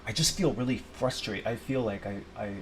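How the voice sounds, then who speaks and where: A man's voice: on the low side, fairly quick, noisy background. A man venting in a rambling personal video, frustrated and swearing, talking to himself. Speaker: vlogger.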